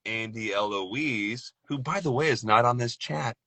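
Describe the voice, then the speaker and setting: A young adult man, a guest voice actor, chatting casually on a podcast, jokey and animated, often repeating words as he starts a thought. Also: mid-range voice, unhurried, dry recording.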